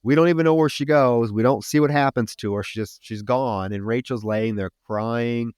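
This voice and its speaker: A man co-hosting a podcast, recapping a movie scene by scene with casual swearing. His voice sits at an ordinary middle pitch. The sound is dry and close, with no room echo. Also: normal speed, clean tone. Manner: animated, profane retelling of plot. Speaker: podcast co-host.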